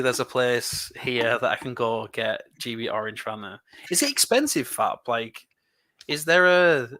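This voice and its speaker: English man, casual stream co-host, sharp bright tone, talkative. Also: mid-range voice. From England. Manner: chatty, rambling, quick laughs. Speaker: livestream co-host building LEGO. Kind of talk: casual chat.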